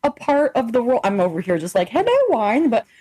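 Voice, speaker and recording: A woman's voice: a little high, expressive, fast talker, dark tone. A young woman co-hosting a podcast in casual chat, blunt and swearing freely as she acts out quoted exchanges. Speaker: podcast co-host.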